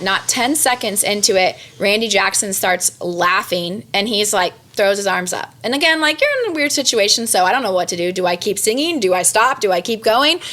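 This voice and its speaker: A young woman in her twenties, a singer and guest, telling a long story in casual chat and acting out the quotes. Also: mid-range voice. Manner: animated storyteller, acts out quotes.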